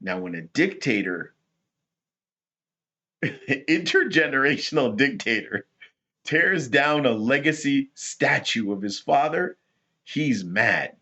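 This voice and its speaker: A man hosting rambling political commentary, talking in a rhetorical, animated way. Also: mid-range voice, slow pace, pauses often, dull audio. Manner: animated, rhetorical, laughs at his own points.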